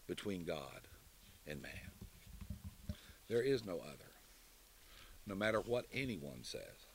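A man preaching a sermon and closing in prayer, emphatic, building to loud declarations and dropping low again. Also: big pitch swings, slow pace, pauses often, a little hiss or hum.

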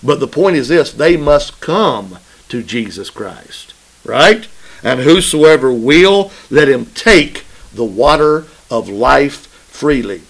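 A man's voice: medium pitch, big pitch swings, slow, rough recording. A man preaching a sermon, emphatic and repetitive, often asking his listeners "right?" in a call-and-response way. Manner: emphatic, repeats phrases for stress.

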